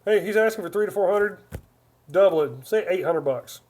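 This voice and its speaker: A man's voice: high voice, lively intonation, moderate pace, darkish tone. A man in his forties hosting a live stream, chatting casually and reading viewer comments aloud in a rambling way. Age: 40s. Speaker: livestream host.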